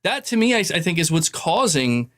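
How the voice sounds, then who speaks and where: A man's voice: on the high side, sing-song, moderate pace, fairly bright tone. A man in a played clip giving opinionated gaming commentary, earnest and emphatic, lecturing his viewers.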